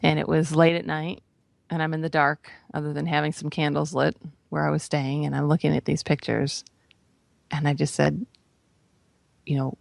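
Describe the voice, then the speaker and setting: A woman's voice: deep voice, level tone, normal speed, gravelly, pauses often, no room sound. A woman spiritual teacher telling a personal story in a conversational way, often checking in with "right?" and "you know.". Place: radio broadcast.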